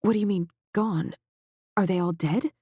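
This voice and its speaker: A man's voice: sits high, normal speed, warm tone, slightly rough, no room sound, clean studio sound. A male narrator voicing a distressed woman physicist stranded in orbit, asking urgent, disbelieving questions. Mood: alarmed.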